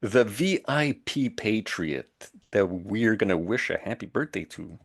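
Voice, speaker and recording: Co-host, Quebec French accent, animated pitch, laughs a lot. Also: male voice, a little slow. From Montreal, Canada. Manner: lively, laughs often, jokes in French. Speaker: co-host of a live show. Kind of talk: casual live-stream chat.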